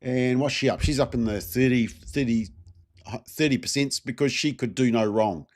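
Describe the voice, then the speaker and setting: A man's voice: medium pitch, moderate pace, a little mellow. Chatty New man hosting commentary. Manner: conversational, many fillers, rhetorical questions to viewers. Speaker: political commentary host. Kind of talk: casual solo political commentary.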